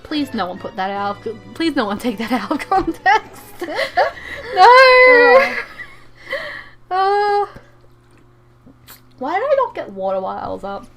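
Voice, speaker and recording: A young woman streaming a game, chatting casually in an excitable, rambling way, often stammering and repeating herself. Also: fairly high pitch, normal speed, long pauses, over music. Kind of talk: casual live-stream chat while gaming.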